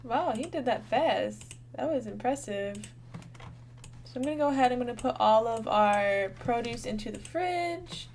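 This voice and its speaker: A woman's voice: fairly high pitch, animated, moderate pace, a little mellow, a little hiss or hum. A young woman giving casual, bubbly gameplay commentary, thinking aloud and chatting to her viewers. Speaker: gaming channel host.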